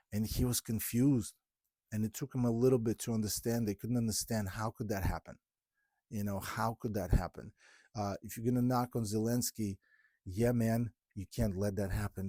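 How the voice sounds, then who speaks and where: Speaking from the heart on his podcast, this Ukrainian host has a mellow voice on the low side and frequently stops mid-thought to restart. It's a candid, earnest conversation captured in studio quality without any room sound.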